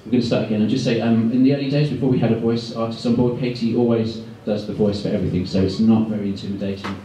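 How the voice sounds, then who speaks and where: A man giving a guest talk to art students, talking quickly and loosely with many ums. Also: on the low side, steady tone, warm tone. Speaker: guest speaker at an art school. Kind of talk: presentation to students. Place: lecture room. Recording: echoey room, far from the mic, faint noise.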